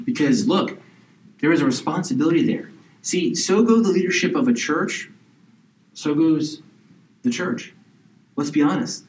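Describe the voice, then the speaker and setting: A man's voice: a little high, expressive, normal speed, pauses often, a little mellow, distant mic. Man preaching in an echoey church. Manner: conversational preaching with rhetorical questions and mocking impressions. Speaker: pastor. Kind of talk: sermon. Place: church sanctuary.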